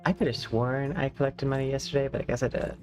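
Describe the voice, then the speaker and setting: A man's voice: mid-range voice, steady tone, fast talker, a little mellow, soft background music. A man with a lisp, talking in rambling, casual stream chat full of fillers as the host. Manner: rambling, filler-heavy, chatty.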